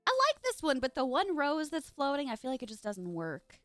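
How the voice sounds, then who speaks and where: Young female streamer, chatty and gushing, high lively voice, dry close sound. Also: fairly quick, no room sound, soft background music. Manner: gushing, chatty, talks straight to chat. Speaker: live streamer. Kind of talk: casual live-stream chat while gaming.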